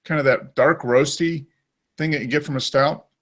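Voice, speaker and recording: A man's voice: a little high, fairly even intonation, moderate pace, a bit bright. A man hosting a casual beer-tasting chat, describing flavors with enthusiasm. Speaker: beer show host.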